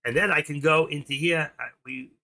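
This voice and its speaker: A middle-aged man hosting a trading livestream, talking casually and fast as he walks viewers through charts and watch lists. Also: on the high side, fairly even intonation, bright, forceful tone. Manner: rambling, talks fast while clicking through charts. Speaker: stock trading livestream host. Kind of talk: casual live screen-share commentary.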